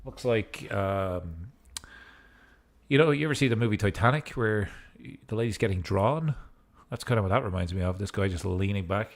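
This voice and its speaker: A man with a fairly low voice talks through a strategy game as a streamer. His commentary is casual and loose, drifting into goofy, joking asides between moves. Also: moderate pace. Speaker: gaming streamer.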